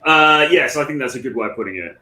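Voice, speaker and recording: A man joins a podcast as a guest and chats along in an easygoing, agreeable way. His voice is bright and forceful, and it comes through an echoey, roomy remote recording. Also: medium pitch, expressive, fast. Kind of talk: casual interview chat.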